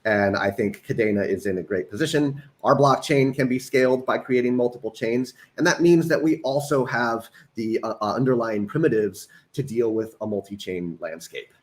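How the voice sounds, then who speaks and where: A man guest on an online panel gives an easygoing pitch for his project. He explains steadily, with plenty of ums. His voice sits in a plain middle range. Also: moderate pace, few pauses. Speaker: engineering director and panel guest.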